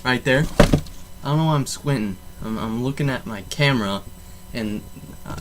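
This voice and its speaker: A man's voice: medium pitch, normal speed. Young male vlogger, goofy and rambling, talks into his camera mic with a faint hum behind him. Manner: goofy, rambling, self-interrupting. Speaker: unboxing vlogger. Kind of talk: casual unboxing vlog.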